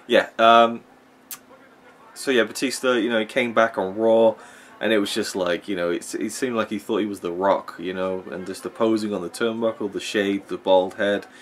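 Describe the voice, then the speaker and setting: A man with a lowish voice rambles through opinionated wrestling commentary while he watches a match. He loses track of his points and circles back to them, filling his pauses with ums and you-knows. A faint hum of room ambience sits behind him. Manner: rambling, opinionated, with frequent fillers. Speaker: wrestling vlogger.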